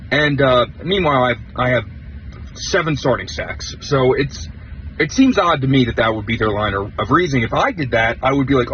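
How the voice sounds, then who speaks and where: A young man telling a heated story of being cheated at a poker table, animated and swearing casually. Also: mid-range voice, normal speed, muffled recording, a little hiss or hum. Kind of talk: clip of a player recounting a tournament.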